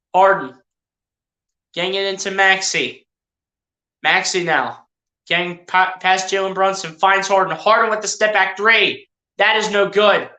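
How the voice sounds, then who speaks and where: A bright-toned streamer calls a basketball game play by play in a loose, casual way, talking straight to the players and to the chat. Mid-pitched and a little hedging, sometimes correcting names on the fly, heard in a roomy, echoey space. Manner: chatty, addresses players and viewers directly, self-correcting. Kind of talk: casual live play-by-play commentary.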